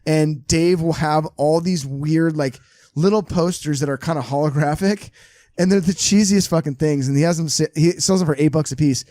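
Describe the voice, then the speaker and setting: A man hosting a casual podcast who tells animated stories and swears freely. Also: fairly high pitch, moderate pace, no echo. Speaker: podcast host.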